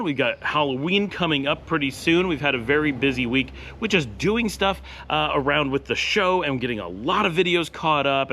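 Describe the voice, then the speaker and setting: A man's voice: medium pitch, sharp tone. A man talking to camera in a casual vlog from his home office, answering viewer questions in a rambling, chatty way with dry sarcastic asides.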